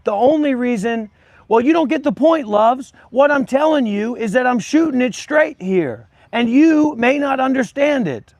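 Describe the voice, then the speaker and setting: A man's voice: extremely high pitch, animated, normal speed, darkish tone, no room sound. A man hosting a livestream, talking bluntly and combatively straight at his viewers. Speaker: livestream host and former monk. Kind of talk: unscripted livestream talk.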